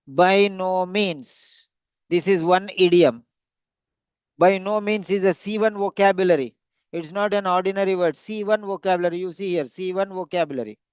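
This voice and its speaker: Casting: high-pitched male teacher, emphatic and repetitive, dry close sound. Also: a little mellow, clear, resonant tone, no echo. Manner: repetitive, emphatic, stretches key words. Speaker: English teacher. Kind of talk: classroom lecture.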